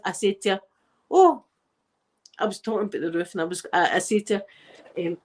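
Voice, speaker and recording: A middle-aged woman from Glasgow with a Glaswegian Scottish accent, chatting casually and rambling as she tells stories, often laughing. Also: medium pitch. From Scotland. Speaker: channel host. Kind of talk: casual chat.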